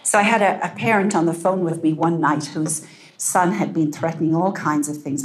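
Low-voiced gentle woman speaker. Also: normal speed. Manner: gentle, calm, drops to a soft hush. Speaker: parenting speaker. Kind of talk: talk to an audience.

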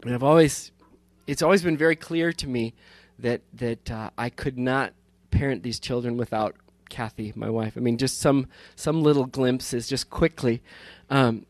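A man's voice: mid-range voice, fairly even intonation, moderate pace, few pauses, no room sound. A pastor in his fifties talking from the pulpit in a rambling, good-humored way, often restarting his sentences and laughing. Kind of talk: casual talk from the pulpit.

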